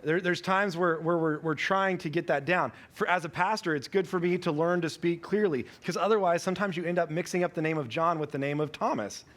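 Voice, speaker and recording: A man in his thirties gives a sermon from the pulpit in a casual, storytelling way. His voice sits a little high for a man. He stumbles and restarts lines easily. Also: brisk, few pauses, a bit bright. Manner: conversational storytelling, self-correcting. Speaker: pastor.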